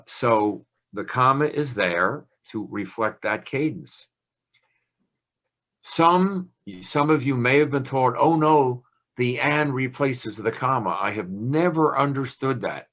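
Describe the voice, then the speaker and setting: A man's voice: lowish voice, fairly bright tone. An older man speaking on a video call, giving a playful, chatty talk about grammar and punctuation. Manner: playful, chatty lecturer with a teasing tone. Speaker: guest speaker on language.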